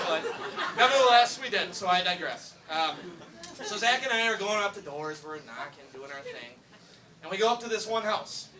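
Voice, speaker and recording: A young man giving a humorous introduction speech for his father, telling a story with many fillers. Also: fairly high pitch. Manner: storytelling, joking, hesitant fillers. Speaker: son introducing the speaker. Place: election night event room. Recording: distant mic with loud crowd.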